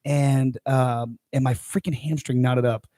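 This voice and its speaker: A man's voice: mid-range voice, steady tone, a little slow, warm tone, no echo, studio quality. A young adult man co-hosting a podcast, telling a rambling story full of restarts and fillers. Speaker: podcast co-host, coach. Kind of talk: casual chat.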